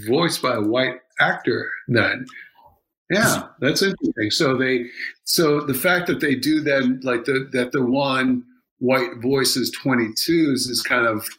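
A man chatting casually on a podcast, his voice bright and forceful. He rambles, circling his points with plenty of fillers and restarts. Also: mid-range voice, low-quality recording. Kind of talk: casual chat.

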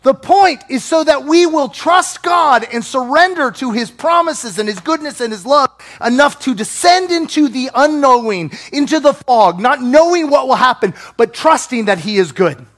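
Male pastor, sermon, high voice, very lively, humorous, self-deprecating. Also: moderate pace. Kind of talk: sermon with personal stories.

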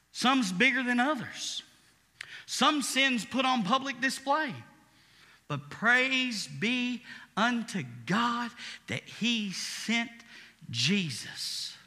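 A male pastor preaching a sermon, swinging from quiet, intimate passages to shouted praise. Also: high voice, long reverb tail.

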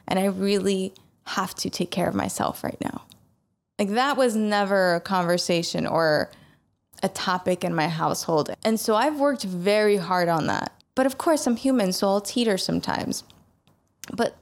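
A woman speaks candidly to her audience, telling a heartfelt personal story in her own voice at a middle pitch. She is earnest and sometimes emotional, often trailing off and starting her sentences again. Soft laughs come between her thoughts. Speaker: vlogger sharing a personal story.

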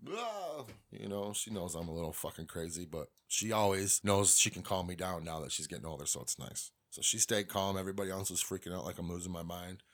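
A man's voice: sits low, fairly even intonation, fast talker, few pauses, a bit bright. A middle-aged man hosting a podcast, talking through a personal story in a rambling, profane, confessional way. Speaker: podcast host. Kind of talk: casual monologue.

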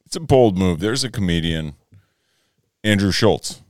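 Deep-voiced man joking on a podcast. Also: animated, unhurried, a little mellow, dry recording, clean studio sound. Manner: loose, profane, joking. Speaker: podcast co-host. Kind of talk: casual chat.

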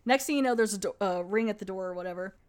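A woman's voice: medium pitch, rapid-fire, a little mellow, clear, resonant tone. Chatty woman retelling a movie. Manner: chatty, retells scenes with quoted lines and "like". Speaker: movie reviewer. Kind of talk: casual spoken film review.

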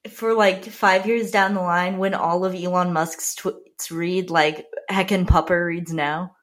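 A woman's voice: fairly low pitch, steady tone, measured pace, a bit bright. Dry, teasing woman co-host. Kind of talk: casual podcast chat.

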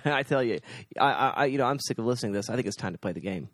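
A man's voice: medium pitch, lively intonation, racing, fairly bright tone, dry recording, studio quality. A man co-hosting a podcast in casual chat, laughing often and restarting his sentences. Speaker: podcast co-host.

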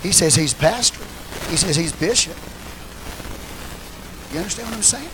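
A man preaching a sermon, swinging between shouted call-and-response lines and low, quiet asides to the congregation. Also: animated, moderate pace, background noise. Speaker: pastor.

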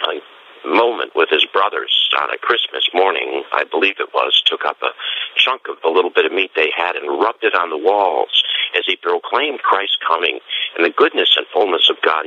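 Very deep scratchy-voiced man giving a homily. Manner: gentle, musing, pausing to reflect. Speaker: friar. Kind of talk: reflective Christmas homily. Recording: dull lo-fi recording.

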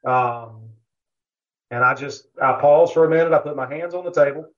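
A man with a somewhat high voice tells a long anecdote in a relaxed interview, looping back with fillers and asides as he goes. The audio is dull and lo-fi, with the top end muffled. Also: moderate pace. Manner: rambling anecdotal telling, many fillers. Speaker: competition barbecue cook, podcast guest. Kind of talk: casual storytelling interview.

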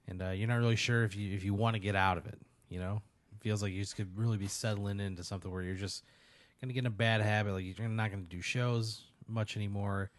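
A man hosting a podcast, telling an absurd story in a rambling, deadpan way with many fillers. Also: fairly low pitch, fast. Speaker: podcast host. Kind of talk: casual comedic storytelling.

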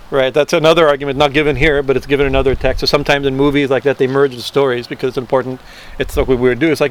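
Halting man teaching scripture. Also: mid-range voice, steady tone. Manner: halting, many fillers and tag questions. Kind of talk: scripture class lecture.

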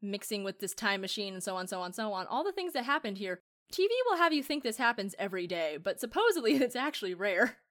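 A woman co-hosting a casual podcast about a TV episode, animated, laughing often and swearing freely. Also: medium pitch, quick pace. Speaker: podcast co-host. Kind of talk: casual chat reviewing a TV episode.

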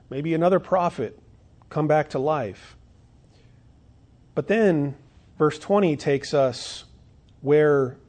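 A pastor preaching a sermon earnestly, asking the congregation rhetorical questions and building up to emphatic declarations. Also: male voice, a little high, a little mellow.

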